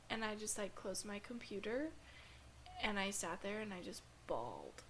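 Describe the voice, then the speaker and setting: A woman recounting a painful personal experience in an earnest, halting way, with many fillers. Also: mid-range voice, lively intonation, fairly bright tone, a little hiss or hum. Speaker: podcast guest. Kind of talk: emotional personal storytelling.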